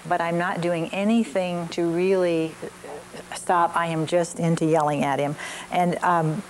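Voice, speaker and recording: A woman's voice: fairly low pitch, normal speed, darkish tone, a little hiss or hum, low-quality recording. An older woman leading an evening parenting class, telling stories and examples with frequent fillers.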